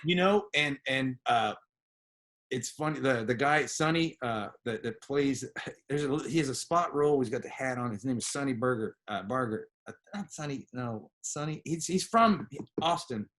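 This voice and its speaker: A man's voice: mid-range voice, moderate pace. A man, a guest comedian telling stories in a casual podcast chat, swearing freely. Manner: animated storyteller, swears freely, puts on voices.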